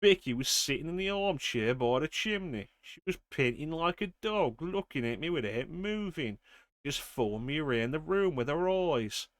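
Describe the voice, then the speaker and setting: A man's voice: on the high side, lively intonation, moderate pace, a bit bright, dry recording, clean studio sound. A man streaming a game, reading in-game diary notes aloud steadily and then chatting casually. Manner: reads steadily, then chats casually with fillers.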